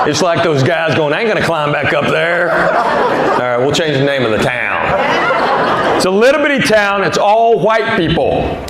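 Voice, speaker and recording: A middle-aged man with a Southern American accent doing stand-up, a drawling storyteller who acts out the voices in his stories. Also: mid-range voice. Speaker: stand-up comedian. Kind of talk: stand-up routine. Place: theater stage with live audience. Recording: echoey venue with audience noise.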